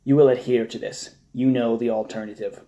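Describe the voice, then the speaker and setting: A cold, unseen interrogator, read aloud by a man, flat and clinical as it presses its demands. The tone stays mellow and unhurried, in the even pitch of a live audiobook reading. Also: lightly acted.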